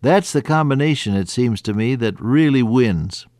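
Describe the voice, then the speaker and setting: A man preaching an earnest sermon, quoting scripture in old-fashioned wording and rising, then dropping to a hushed voice. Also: medium pitch, animated, moderate pace, no echo. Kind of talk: radio sermon.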